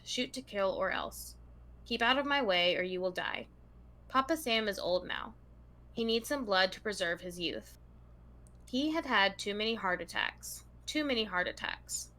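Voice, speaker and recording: A woman's voice: medium pitch, bright, forceful tone. A woman co-hosting a true crime podcast, reading long passages aloud to her co-host in a casual, chatty tone.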